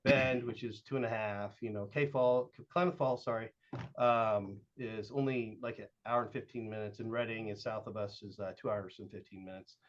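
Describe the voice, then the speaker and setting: A man's voice: on the low side, steady tone, normal speed, dull audio. A middle-aged man from Southern Oregon, a youth baseball coach and podcast guest, telling long casual stories with lots of fillers. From Southern Oregon, USA. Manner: rambling, with frequent "uh" and "like", acting out quoted dialogue.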